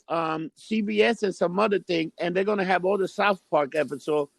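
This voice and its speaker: A man chats loosely on a podcast, swearing and filling gaps with um and like. His voice is high for a man and gravelly. The recording is dry and close. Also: no echo. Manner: casual, profane, asks questions, many fillers. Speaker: podcast co-host. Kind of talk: casual podcast chat.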